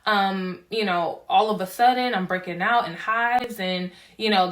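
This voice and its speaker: A woman's voice: medium pitch, unhurried, few pauses, fairly bright tone. A young woman vlogging casually to camera, a chatty storyteller who acts out dialogue and laughs often.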